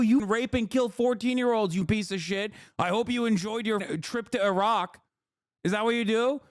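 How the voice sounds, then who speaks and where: A man's voice: high voice, no echo, studio quality. A man streaming live, ranting at his chat in exasperated, profane commentary as he reacts to a video. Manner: scolding his chat directly.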